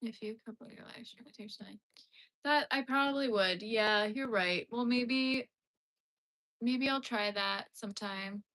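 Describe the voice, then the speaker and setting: On a crochet livestream, a young Canadian woman chats casually with her viewers while she works, rambling along and saying "like" a lot. Her voice sits fairly high, with an unhurried pace and a fairly bright tone.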